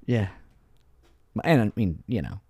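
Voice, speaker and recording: A deep, low-pitched man co-hosting a casual podcast, telling stories with a lively, swooping delivery. He swears freely and laughs often, recorded close and dry with no room sound. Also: measured pace, slightly rough, dry recording. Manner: profane, laughs often, animated storytelling. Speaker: podcast co-host. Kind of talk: casual chat.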